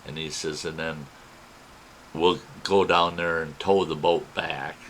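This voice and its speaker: A man telling a personal adventure story in a folksy, animated way, acting out what others said. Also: very deep voice, slow pace, slight background noise, rough recording. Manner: folksy, animated retelling with quoted voices.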